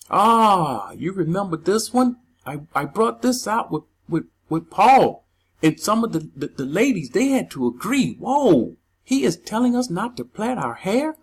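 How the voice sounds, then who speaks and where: Emphatic, husky-voiced scripture teacher. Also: medium pitch. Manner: emphatic, reads verses aloud then argues over them; agitated, stumbles over words. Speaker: Bible teacher. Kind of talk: verse-by-verse scripture commentary.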